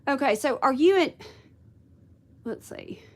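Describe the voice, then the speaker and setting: A woman's voice: high voice, lively intonation, unhurried. A woman hosting a casual craft livestream, chatting with viewers and thinking aloud. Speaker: craft video host.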